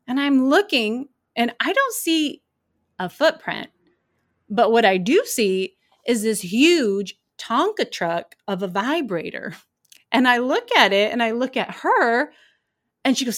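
A woman with a slightly high-pitched voice tells stories from her work as a crime scene investigator in a casual, chatty way. She is animated and wry, and laughs as she tells them. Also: measured pace. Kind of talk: casual anecdotal storytelling.

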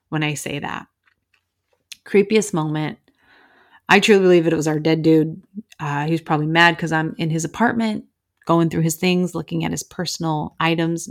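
A woman hosting a podcast, telling a story casually and vividly, acting out quoted voices and swearing freely. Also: lowish voice. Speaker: podcast host; crime scene investigator.

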